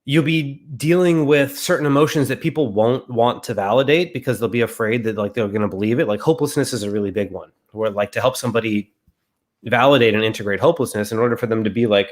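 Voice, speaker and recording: A man who is back as a guest in a casual discussion. He talks in an eager, conversational way and keeps filling his sentences with "like." His voice sits at a middle pitch. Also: quick pace.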